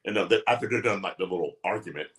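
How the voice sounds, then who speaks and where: On a laid-back wrestling podcast, a low-voiced male co-host rattles off stories very fast and with great energy, voicing other people's lines and breaking into laughter often.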